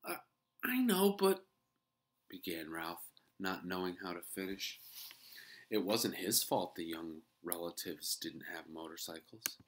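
A woman reading a children's chapter book aloud in an expressive storytelling manner. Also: very deep voice, measured pace.

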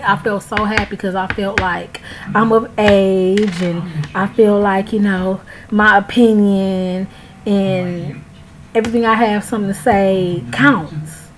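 Over a noisy background, an American vlogger in her early twenties with a mid-range voice speaks directly to viewers in an angry, emphatic, casual rant to camera.

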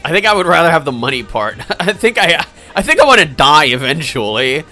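A man's voice: a little high, very animated, a little fast, sharp tone. A young man live-streaming games, chatting casually and answering viewer questions in a rambling, hesitant way full of fillers and restarts. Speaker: game streamer. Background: faint game music.

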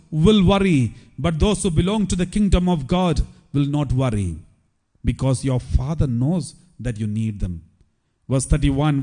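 A priest preaching a sermon, with emphatic repetition. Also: male voice, sits high, darkish tone.

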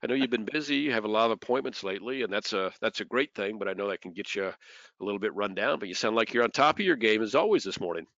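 A man's voice: fairly low pitch, quick pace, fairly bright tone, no echo. A man hosting a business webinar, talking casually and often restarting his sentences. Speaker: webinar host. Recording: dull lo-fi dry sound.

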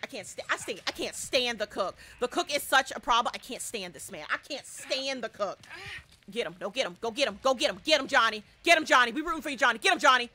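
A young woman streaming a horror game live, commenting excitedly and shouting repeated cheers and trash talk at her teammates. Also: a little high, quick pace, slight background noise.

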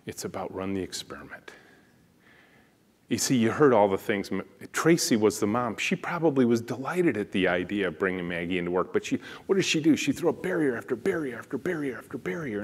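A man with a deep booming voice delivering a conference keynote as a company founder, telling stories in an animated way. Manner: animated, storytelling, acts out dialogue. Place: conference stage.

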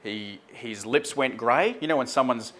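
A man's voice: mid-range voice, a little slow, a bit bright. A man recounting a run-in with police on air, acting out the dialogue in a casual, conversational way. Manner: acts out dialogue, conversational with frequent ums and "mate". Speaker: speaker recounting a traffic stop. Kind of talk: animated spoken storytelling on air.

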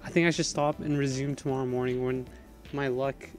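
A young man streaming a game, excitable and panicky, laughing often as he chats. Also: mid-range voice, a little fast, faint music behind. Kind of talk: gaming livestream chat.

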